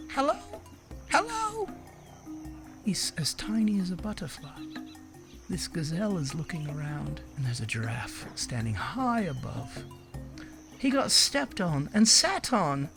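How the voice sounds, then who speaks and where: Woman reader for kids' picture books; unhurried, sing-song, chatty asides, some vocal fry. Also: on the low side. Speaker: children's book reader. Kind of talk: reading a picture book aloud.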